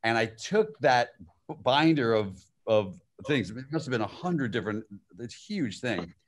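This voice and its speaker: A man's voice: mid-range voice, very animated, normal speed. A man, the guest filmmaker and actor, telling anecdotes over a video call and laughing through his stories. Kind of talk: live-streamed conversation.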